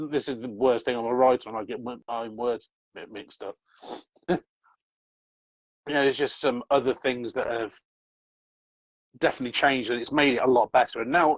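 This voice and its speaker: A man's voice: medium pitch, dry recording. A man who writes scripts, talking in a casual chat, enthusiastic and rambling, correcting himself as he goes. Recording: dry, slightly dull lo-fi audio.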